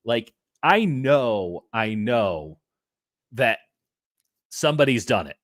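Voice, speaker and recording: A man co-hosting a casual sports podcast over a video call, talking in an animated way with playful asides. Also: medium pitch, takes it slowly, dry recording, studio quality. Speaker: co-host.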